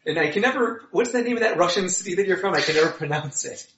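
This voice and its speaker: A man's voice: high-pitched, animated, quick pace, sharp tone. A man making offhand jokes at a game table. The sound is echoey and muffled, like a lo-fi recording of a room. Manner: joking, offhand. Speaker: player. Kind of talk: casual chat at a game table. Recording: roomy, dull lo-fi sound.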